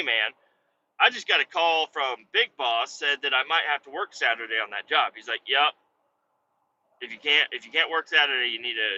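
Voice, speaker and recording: Man, podcast host, casual storytelling, profane, very bright tone, slightly dull recording with faint road noise. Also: medium pitch. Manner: profane, animated, quotes others in his own voice.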